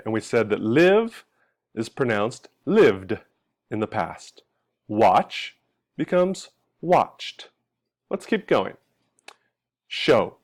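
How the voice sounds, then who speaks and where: A man teaching English pronunciation, patiently modeling and repeating each sound for learners. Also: medium pitch. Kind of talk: language lesson.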